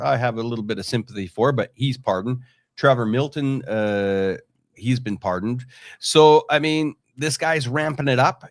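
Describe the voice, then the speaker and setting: A man who is a guest on a livestream, giving financial views with frequent hesitant pauses. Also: mid-range voice, no echo, clean studio sound. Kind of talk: casual political livestream chat.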